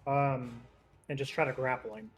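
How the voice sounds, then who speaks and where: A man in the middle of a tabletop game describes his moves in an easygoing, hesitant way. His voice sits at an ordinary pitch and often trails off into quiet asides. Faint music plays behind him. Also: little pitch movement, moderate pace, slightly rough. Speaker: player. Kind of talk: casual tabletop play.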